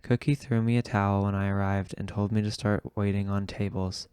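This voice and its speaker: A man narrates an audiobook in a slow, measured way. His low voice stays smooth and even, and the recording is dry and close. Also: no echo. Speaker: audiobook reader.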